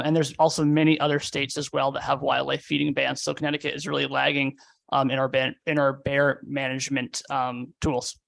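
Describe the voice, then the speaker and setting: A man's voice: fairly high pitch, gravelly, a bit bright. A man, a deputy commissioner, answering questions at a public hearing with lots of fillers. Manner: hesitant, many fillers.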